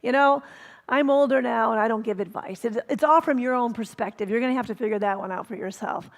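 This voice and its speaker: Woman doing a calm, reassuring old owl. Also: on the high side, quick pace, in a large hall, lightly acted. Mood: matter-of-fact. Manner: calm, reassuring, matter-of-fact. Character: calm older male owl giving advice.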